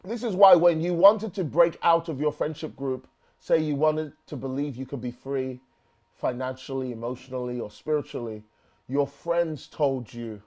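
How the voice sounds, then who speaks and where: A man's voice: normal speed, a little mellow. A man with a London accent preaching a sermon dramatically, acting out quoted voices and often repeating words as he goes. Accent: London English. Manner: dramatic, acts out quoted voices with swings in pitch and volume. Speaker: pastor.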